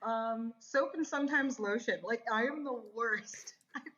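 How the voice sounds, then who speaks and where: A woman in her fifties, a podcast guest telling a personal faith story in an animated way, laughing often. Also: a little high, unhurried, muffled recording, a little hiss or hum. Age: 50s. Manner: animated, laughs often, acts out quoted voices.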